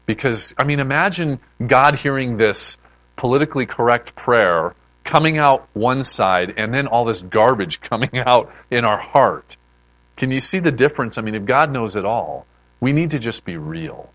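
A man preaching a sermon in a lively, conversational way, often restarting his sentences. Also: medium pitch, moderate pace, no room sound, poor audio. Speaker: pastor.

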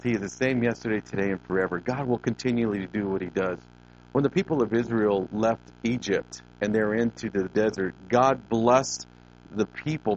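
A male pastor preaching a sermon, building to emphatic rises and stretching out key words. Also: lowish voice. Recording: dull lo-fi recording with faint noise.

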